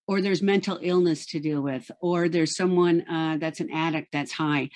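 A woman's voice: on the low side, a little mellow. A woman hosting an interview show, chatting casually and asking her guest open questions. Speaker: podcast host.

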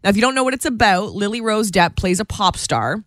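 Lively woman radio co-host. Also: mid-range voice, fairly quick, no echo, studio quality. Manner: lively, playful, laughs often. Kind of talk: casual entertainment news chat.

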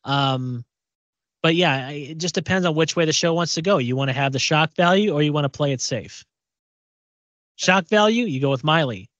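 Podcast co-host, man, fairly high voice, talkative, restarts his words; dull dry studio sound. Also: moderate pace, a bit bright, no echo. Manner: chatty, repeats words while thinking. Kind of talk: casual chat.

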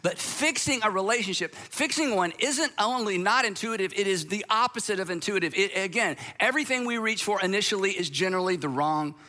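A man giving a sermon-style talk to an audience, animated and acting out the voices of the people he quotes. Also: high voice, a little fast, hardly any pauses. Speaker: speaker addressing an audience.

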